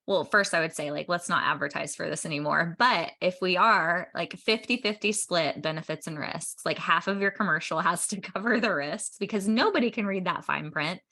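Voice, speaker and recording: Woman, deep yet bright voice, chatty opinionated podcast host. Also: normal speed, hardly any pauses. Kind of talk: casual interview chat.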